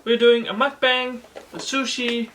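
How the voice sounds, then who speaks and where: A woman's voice: on the high side, little pitch movement, unhurried. A woman chatting and giggling with her friend over a meal at home. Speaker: co-host friend. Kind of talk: casual chat. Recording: noisy home recording.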